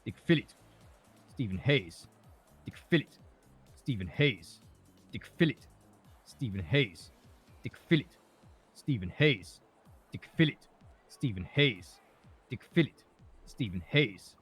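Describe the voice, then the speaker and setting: A man's voice: mid-range voice, animated, slow, pauses often, a bit bright, slightly rough, faint music behind, full character voice. A man voicing a pompous, self-important freelance journalist in a game role-play, fussy and fond of repeating words. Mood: chanting.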